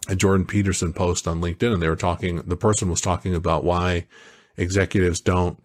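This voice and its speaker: A man co-hosting a podcast, talking in a casual, animated way that wanders through stories. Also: low-pitched, fairly quick. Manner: animated, storytelling, digressive. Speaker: podcast co-host. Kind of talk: casual chat.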